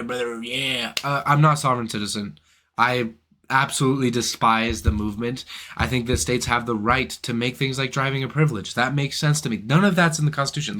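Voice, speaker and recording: A man's voice: mid-range voice, a bit bright. Indignant profane young man ranting. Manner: indignant, profane, rhetorical questions. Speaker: philosophy channel host. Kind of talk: ranting monologue to camera.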